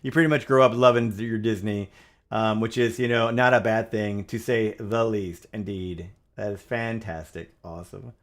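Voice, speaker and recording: A man's voice: fairly low pitch, steady tone, normal speed. A man hosting a livestream, talking casually between piano songs and laughing often. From United States. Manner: upbeat, chatty, laughs often. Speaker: livestream host and pianist. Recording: piano music under the voice. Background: piano music.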